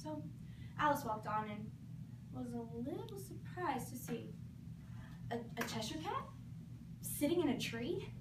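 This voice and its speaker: Animated teen girl storyteller in an echoey room. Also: high-pitched, unhurried, long pauses. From Georgia, USA. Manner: animated, expressive. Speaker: competition performer. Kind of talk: storybook narration. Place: school competition room. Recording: echoey room from far off, noisy.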